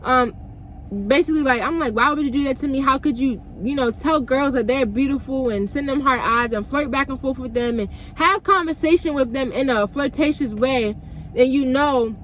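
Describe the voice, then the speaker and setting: A woman's voice: high voice, fairly bright tone, slight background noise. A young woman telling a personal story to her viewers, profane and emphatic, talking straight to the camera audience. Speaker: vlogger. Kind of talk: storytime vlog.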